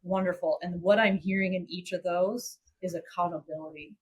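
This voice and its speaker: A woman co-hosting an interview, replying in a soft, affirming way with small hesitations. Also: on the low side, steady tone, normal speed, breathy edge, low-quality recording.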